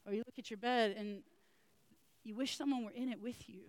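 A woman's voice: fairly high pitch, fairly even intonation, fairly quick, no room sound. A woman preaching a sermon in an earnest way, speaking straight to her listeners with repeated questions.

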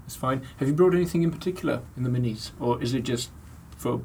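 A man's voice: medium pitch, fast talker, mellow, slight background noise. A man on a comedy podcast, laid-back and plain in improv.

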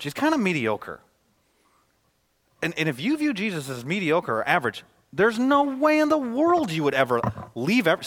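A man preaching a sermon as a pastor, swinging between loud, emphatic lines and hushed, quiet ones. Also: a little high. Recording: reverberant hall.

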